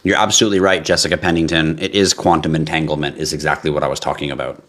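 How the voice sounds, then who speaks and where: Deep-voiced man hosting a casual livestream. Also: racing. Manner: animated, laughs and swears, jumps to high yelps for effect. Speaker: livestream host. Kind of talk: casual live chat reading comments.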